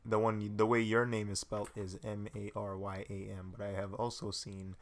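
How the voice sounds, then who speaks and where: A young man hosting his channel, chatting casually and quietly with a dry sense of humor while he draws. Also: fairly low pitch, monotone, normal speed. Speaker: channel host. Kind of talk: casual chat while drawing.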